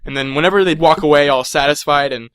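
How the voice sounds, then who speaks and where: A man's voice: on the high side, fast, clean tone, no room sound. A young man telling a rambling comic rant about being a supervillain, stammering and acting out little voices. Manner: excitable, stammering, acts out voices. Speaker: comedic storyteller.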